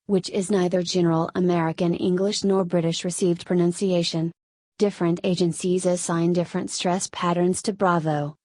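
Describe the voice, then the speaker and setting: Low-voiced woman reading an article. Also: no echo. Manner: steady, measured reading with careful spelling-out of letters. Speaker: volunteer article narrator. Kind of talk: read-aloud encyclopedia narration.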